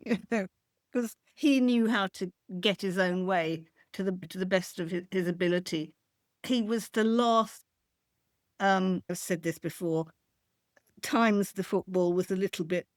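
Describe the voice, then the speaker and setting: A woman's voice: mid-range voice, no room sound, studio quality. A woman co-hosting a podcast, talking football in a wry, blunt way. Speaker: podcast co-host. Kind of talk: casual football chat.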